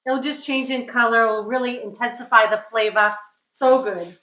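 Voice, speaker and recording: A woman's voice: fairly high pitch, steady tone, moderate pace, sharp tone, reverberant, a little hiss or hum, poor audio. A middle-aged woman from New England hosting a casual cooking demonstration, chatty and upbeat, often checking in with "right?". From New England, USA. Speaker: cooking show host. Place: home kitchen.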